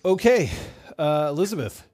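A man's voice: on the high side, very animated, normal speed, a little mellow. A young man running a tabletop game as game master, chatting casually and laughing at himself with his players.

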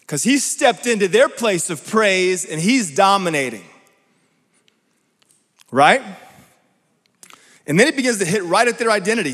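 A man preaching a sermon in an emphatic way, often checking in with his listeners with quick rhetorical questions. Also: high-pitched, expressive, fairly bright tone, husky. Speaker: pastor. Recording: long reverb from a large hall.

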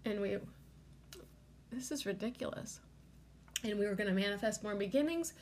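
This podcast host has a mid-range voice at normal speed, with slight background noise. In a rambling, casual monologue heavy on "like" fillers, she becomes emotional, tearful, and close to crying.

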